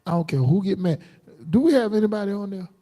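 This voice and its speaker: A man preaching a combative, defiant sermon on a livestream, jumping into sudden high outbursts. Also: lively intonation, fast, warm tone. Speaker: preacher streaming live.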